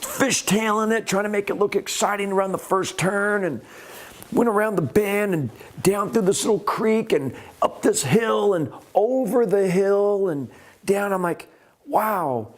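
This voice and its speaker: A middle-aged man hosting and telling his own stunt stories in a casual, animated way, acting out the people in them. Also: high voice, measured pace. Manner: animated, acts out quoted voices, rising excitement. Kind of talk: casual storytelling.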